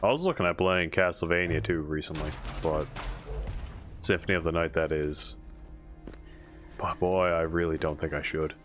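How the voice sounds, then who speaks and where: A man giving casual commentary while playing a video game, swearing often and bursting into frustrated yells. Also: very deep voice, moderate pace, long pauses. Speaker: let's play gamer. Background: game music.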